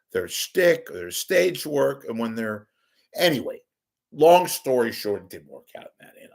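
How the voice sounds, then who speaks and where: A middle-aged man hosting a talk show, telling a casual, animated, self-deprecating story. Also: mid-range voice. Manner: animated, self-deprecating storyteller who acts out his own yelling. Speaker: podcast host.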